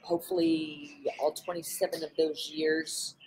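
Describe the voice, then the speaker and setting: A woman's voice: low-pitched, steady tone, unhurried, very noisy. A woman who works with animals, hosting a casual live stream, talking earnestly with frequent ums and restarts. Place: indoors with animals around.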